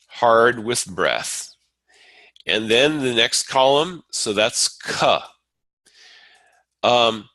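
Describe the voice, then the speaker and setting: A man teaching a Sanskrit class, explaining at an unhurried pace with frequent fillers and restarts. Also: medium pitch, pushed and bright, dry recording, low-quality recording. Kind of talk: lecture.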